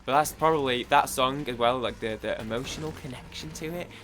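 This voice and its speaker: A man's voice: mid-range voice, fairly quick, a bit bright, slight background noise. A young man with a Mancunian accent chatting casually while gaming, rambling, stammering, repeating words and swearing freely. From Manchester, England. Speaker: gaming streamer.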